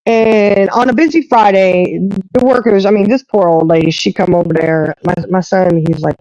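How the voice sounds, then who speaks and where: A woman's voice: medium pitch, normal speed, no echo. A woman hosting a live stream, telling a story in casual chat and acting out what other people said. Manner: animated storyteller who acts out others' lines. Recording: muffled lo-fi dry audio.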